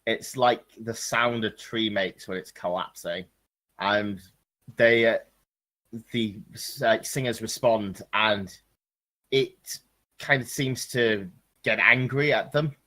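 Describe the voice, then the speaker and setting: A man's voice: lowish voice, slow, pushed and bright. A man narrating as game master of a tabletop game, hesitant with many ums and restarts.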